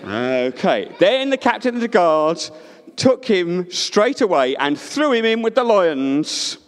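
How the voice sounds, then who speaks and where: A man telling a story to a crowd in a big hall, high-pitched and hugely animated, swooping up and down. He speaks slowly and playfully, pulling listeners into the tale. A long reverb trails his voice. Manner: expressive, playful, asks listeners to join in. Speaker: children's storyteller. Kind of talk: animated storytelling with audience participation.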